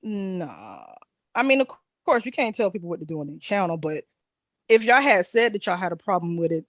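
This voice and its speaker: A man's voice: high voice, big pitch swings, brisk, fairly bright tone, no room sound. A man, co-hosting a podcast and arguing bluntly in a heated group discussion. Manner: blunt, repeats "yo" and "keep it one hundred". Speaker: podcast co-host.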